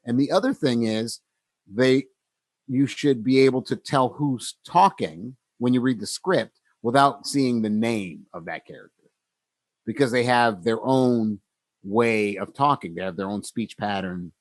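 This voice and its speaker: Man, podcast co-host, casual reflective chat, hesitant fillers, mid pitch, dry close sound. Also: a little slow, no echo. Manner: reflective, many fillers and restarts.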